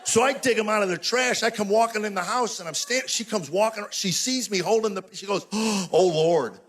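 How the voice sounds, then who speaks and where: A man's voice: high voice, fairly quick, a bit bright. A man in his sixties doing a stand-up routine on a live stage, telling exasperated stories with punchy mock outrage. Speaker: stand-up comedian.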